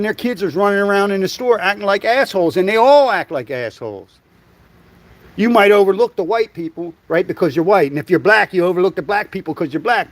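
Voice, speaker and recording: A middle-aged man holds forth alone on a livestream in a fairly high voice. He talks bluntly and swears freely as he tells stories. The sound is dry and close, with no room echo. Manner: blunt and profane, storytelling with acted quotes. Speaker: livestream host. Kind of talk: opinionated monologue.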